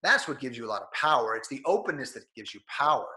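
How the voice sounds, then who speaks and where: Talking fast in a mid-range voice, a male interview guest coaches his listeners on performing. He's energetic, bright and forceful, a bit nasal from being sick, and keeps acting out what others say during the conversational chat.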